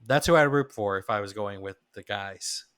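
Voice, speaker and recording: A man's voice: on the low side, moderate pace, fairly bright tone, smooth. A man co-hosting a podcast, reacting and thinking aloud in casual chat. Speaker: podcast co-host.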